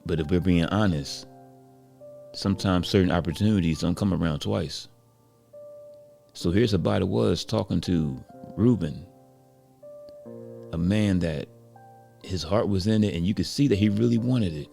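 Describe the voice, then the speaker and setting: A man narrating a story casually, relaxed and reflective, with frequent conversational fillers. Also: low voice, moderate pace, vocal fry, pauses often, faint music behind. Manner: relaxed, reflective, many "you know" fillers.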